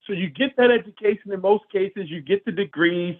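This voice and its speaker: A man giving an energetic, preachy business pitch, speaking straight to his audience. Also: a little fast. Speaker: presenter. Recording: tinny phone-like audio.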